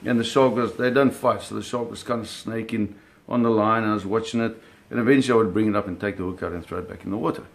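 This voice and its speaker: A man telling a personal story in an animated, vivid way, often restarting his phrases. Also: on the low side, fast, vocal fry, hardly any pauses.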